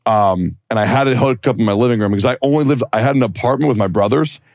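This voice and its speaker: A young adult man co-hosting a podcast, telling stories in a casual, animated and profane way. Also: mid-range voice, fast, no echo, clean studio sound. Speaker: podcast co-host. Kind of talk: casual chat.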